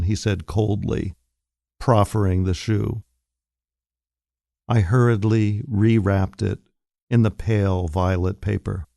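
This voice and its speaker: A man reading a short story aloud in a slow, deliberate, wry manner, recorded at a studio microphone. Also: fairly low pitch, steady tone, gravelly, mellow, no echo. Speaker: reader. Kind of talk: scripted narration of short fiction.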